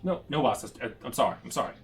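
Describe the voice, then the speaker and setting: A man's voice: medium pitch, big pitch swings, quick pace, far from the mic, natural voice. A man voicing a tall male half-orc pirate henchman who is nervous and apologetic toward his boss.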